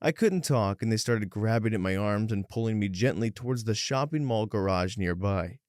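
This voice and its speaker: Low-voiced man reading stories. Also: moderate pace, no room sound, studio quality. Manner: steady reading with short wry asides. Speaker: story narrator. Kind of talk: reading online stories aloud.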